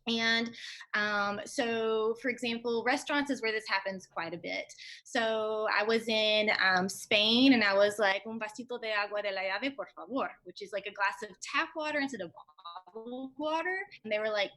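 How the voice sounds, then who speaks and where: A woman's voice: on the high side, normal speed. Chatty young woman, interview guest. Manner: chatty, animated storytelling with fillers. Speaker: interview guest, Spanish teacher. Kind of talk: casual interview chat.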